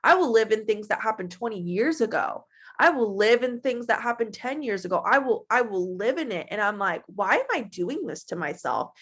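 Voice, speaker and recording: A woman in her twenties giving a casual, animated motivational talk to her team, chatty and full of feeling. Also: on the high side, a little fast. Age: 20s. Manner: animated and chatty, acting out her own past voice.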